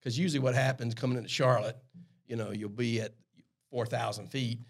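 A man with a South Carolina Lowcountry Southern accent, a guest chatting casually about flying and cooking, easygoing and agreeable. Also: steady tone, a little fast. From South Carolina, USA. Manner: easygoing, agreeable, keeps saying "that's right". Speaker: guest, airline pilot. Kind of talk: casual podcast conversation.

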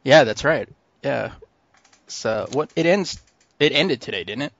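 A man's voice: medium pitch, lively intonation, a little slow, creaky, fairly bright tone, no room sound, highs cut off. A man hosting a podcast in a casual, laid-back chat, laughing easily. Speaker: podcast host.

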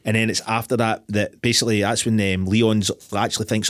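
Fast-talking Scottish man, low voice. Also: no echo. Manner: swearing, animated retelling of scenes. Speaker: podcast host. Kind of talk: casual film chat.

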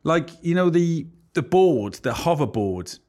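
A man co-hosting a podcast, making jokes and quick asides in casual chat. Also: on the high side, very animated, a little mellow. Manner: joking, quick to react with asides. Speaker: podcast co-host.

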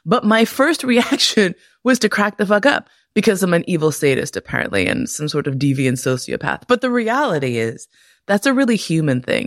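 A woman's voice: low voice, no room sound, clean studio sound. Profane, laughing woman podcast host. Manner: profane, laughs often, animated. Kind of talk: candid personal storytelling monologue.

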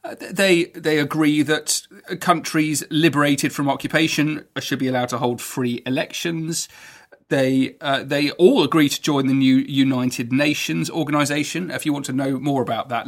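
A man hosting a history podcast, explaining events in an enthusiastic, conversational way with frequent halting restarts. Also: medium pitch, fairly even intonation, gravelly. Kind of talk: educational podcast narration.

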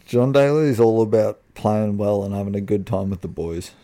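A man's voice: lowish voice, normal speed, dark tone. A young man with an Australian accent co-hosting a casual podcast, blunt and laid-back, swearing freely. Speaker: podcast co-host. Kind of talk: casual chat.

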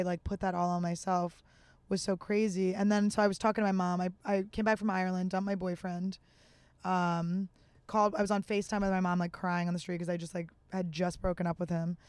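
A woman's voice: medium pitch, clean tone, no echo. A woman telling a candid, emotional personal story as a guest in a conversation, open and full of fillers.

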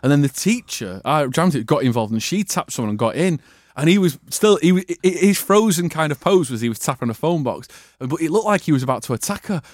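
A man's voice: a little high, animated, fast talker, a little mellow, no room sound, studio quality. A man, co-hosting a podcast and telling joking stories in casual chat. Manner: chatty, joking storyteller. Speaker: podcast co-host.

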